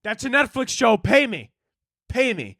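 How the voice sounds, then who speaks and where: A man with a high voice rants through absurd, profane comic bits as a podcast host. His delivery rambles and the sound is close and dry. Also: big pitch swings, unhurried, gravelly, bright, forceful tone, no room sound. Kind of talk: comedic rant monologue.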